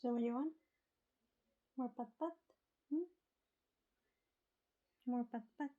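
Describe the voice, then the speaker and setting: A woman's voice: on the high side, slow pace, narrow, tinny audio. A woman with a Filipino accent, talking baby talk to her pet birds in a cooing, sing-song way.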